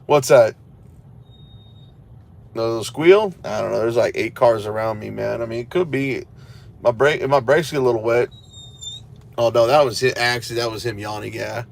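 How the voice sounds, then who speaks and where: A man's voice: mid-range voice, moderate pace, vocal fry, pauses often, a little hiss or hum. A tired man vlogging from inside his parked car, rambling to viewers with sarcastic asides. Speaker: cop-watch vlogger. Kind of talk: casual running commentary to viewers.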